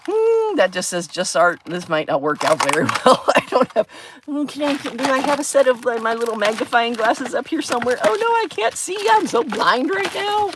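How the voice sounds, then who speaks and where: A woman's voice: fairly high pitch, sing-song, normal speed, noisy background. A woman hosting a craft livestream, chatting casually and gushing with delight over her supplies. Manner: bubbly, gushing, squeals of delight. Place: craft table at home.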